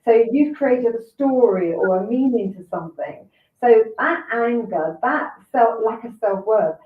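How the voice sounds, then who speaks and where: An older woman talking earnestly about emotions and self-worth, explaining gently. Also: mid-range voice. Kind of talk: reflective conversation. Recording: echoey, distant, phone-like line.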